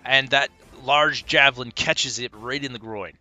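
A man with a very bright, sharp voice runs a tabletop game as game master. He narrates each attack in vivid detail and reasons through distances out loud. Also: mid-range voice, moderate pace. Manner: descriptive, works out distances aloud.

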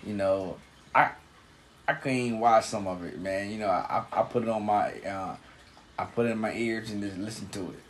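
A man co-hosting a casual TV recap chat, talking in a halting, laid-back way with slang and repeated words. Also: on the low side, steady tone, slight background noise. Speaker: podcast co-host.

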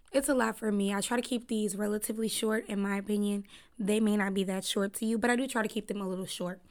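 A woman chats casually on her own solo podcast, blunt and full of slang and swearing. Her voice is mid-range with a fairly bright tone.

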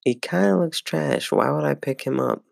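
A young man hosts a casual solo sports podcast in a gravelly, creaky voice that's on the high side, at a moderate pace. He rambles, swears freely and fills gaps with "like" and "um," recorded dry and close with little room echo.

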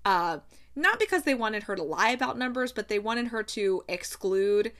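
A woman's voice: on the high side, normal speed. A woman book vlogger giving a casual, chatty recap of a novel's plot. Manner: chatty, animated storytelling.

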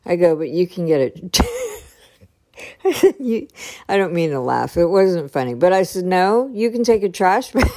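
A woman's voice: on the low side, very animated, unhurried, pauses often, warm tone. Chatty woman retelling a home argument. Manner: chatty, retells dialogue with lots of "I go" and "he's like", laughs often. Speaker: podcast host. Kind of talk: casual storytelling monologue.

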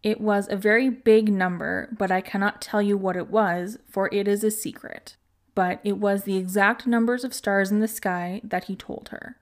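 Podcast lady reading a fairy tale, calm and measured. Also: mid-range voice. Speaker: podcast host. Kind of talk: storytelling narration.

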